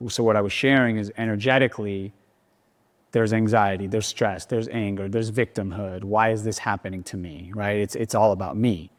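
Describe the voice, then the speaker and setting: A man with a lowish voice explains ideas on a live panel, often checking in with 'right?' and restarting his sentences. The sound carries a long hall reverb. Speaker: panel speaker. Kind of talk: explanatory discussion at a live event. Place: large room before a live audience.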